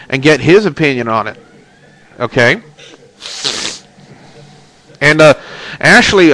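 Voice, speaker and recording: Congested guy hosting a wrestling webcast off a webcam mic, chatty, talks kinda high. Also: fairly bright tone, no echo, poor audio. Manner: chatty, plugs links and reads chat. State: congested, stuffy nose. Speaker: host of a wrestling and video game webcast. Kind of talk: casual webcast talk.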